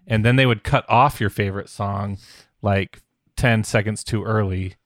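Low-voiced man chatting nostalgically. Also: fairly even intonation, normal speed, no room sound, clean studio sound. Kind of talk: casual chat.

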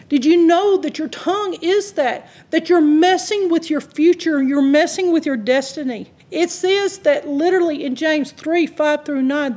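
A woman preaching a sermon, driving points home in lists and quick asides. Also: high-pitched, a little mellow.

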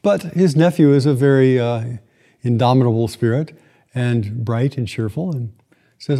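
Mellow-voiced man preaching through a story. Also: medium pitch. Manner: reflective storytelling with slow dramatic pauses. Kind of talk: sermon retelling a story.

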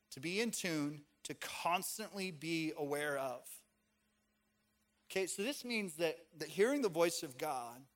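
This is a male pastor giving a sermon in a relaxed, conversational way. He slips personal stories in between points and leans on casual fillers. His voice sits a little higher than most men's.

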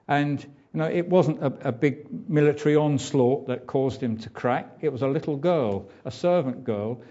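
A man's voice: mid-range voice, warm tone, highs cut off. A man preaching a sermon in a conversational way, with fillers and asides.

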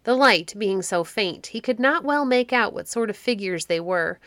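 A woman reading a children's classic story aloud, with expressive narration. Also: medium pitch, normal speed, dry recording.

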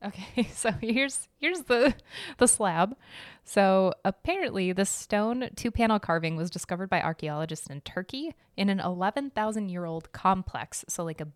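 A woman's voice: on the low side, dry recording, studio quality. Giggly Midwestern woman hosting a podcast. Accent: Midwestern American. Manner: chatty, giggly, self-deprecating. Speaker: podcast host. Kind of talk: casual chat about art history.

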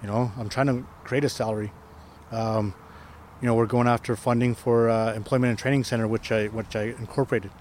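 A man's voice: medium pitch, steady tone, fairly quick, a little mellow, a little hiss or hum. A man who is a First Nation chief, telling a story in a casual interview outdoors, rambling with many restarts and tag questions. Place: outdoors on a hill.

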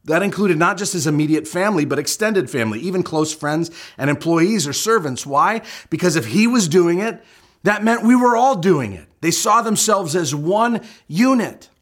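Brief: middle-aged pastor, slightly high voice, explanatory sermon delivery with emphatic key points. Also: male voice, expressive, normal speed. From United States.

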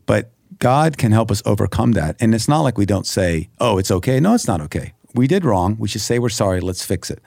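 A man's voice: fairly low pitch, very animated, a little fast, gravelly, few pauses, a little mellow, dry recording, studio quality. A middle-aged man speaking earnestly as a podcast guest, giving personal testimony with emphatic, acted-out quotes. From United States. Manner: earnest, emphatic, acts out quoted prayers and dialogue.

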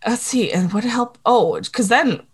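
A woman's voice: a little high, measured pace, husky. A woman co-hosting a casual chat, recapping with lots of laughter and playful acted-out lines. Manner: animated, laughs often, acts out characters' lines. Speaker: podcast co-host recapping a TV episode.

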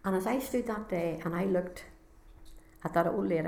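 A woman's voice: fairly low pitch, moderate pace, creaky, dark tone. A woman with a Northern Irish accent giving an earnest, heartfelt personal testimony as a conference speaker. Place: conference hall. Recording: echoey hall sound.

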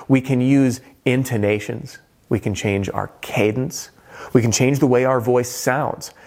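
A man's voice: medium pitch, darkish tone. A middle-aged man coaching on roofing sales, talking energetically and shifting his tone and pace to make his points. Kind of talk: coaching monologue to camera.

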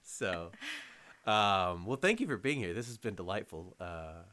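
A man hosting a casual podcast, easygoing and agreeable, quick to laugh. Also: low-pitched, lively intonation, bright, forceful tone. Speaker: podcast host.

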